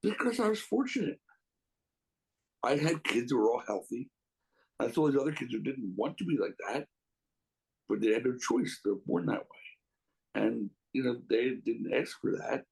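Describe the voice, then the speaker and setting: Gravelly middle-aged man reminiscing. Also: mid-range voice, animated, moderate pace, long pauses, a little mellow, rough recording. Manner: rambling, emotional, many restarts. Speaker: interview guest. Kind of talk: casual reminiscing interview.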